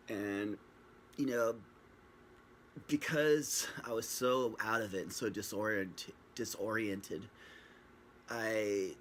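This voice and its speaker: A man with a fairly low voice tells his own story to a camera at home, rambling and joking as he acts out what people said. He is recorded on a built-in camera mic, with a faint hiss behind him. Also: unhurried, fairly bright tone. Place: at home, facing a screen camera.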